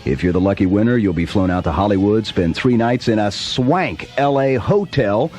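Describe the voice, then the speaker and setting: A man's voice: lowish voice, normal speed, a little mellow, faint music behind. A man hosting a radio call-in show, reading promos and introducing callers in an upbeat announcer style. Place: radio studio.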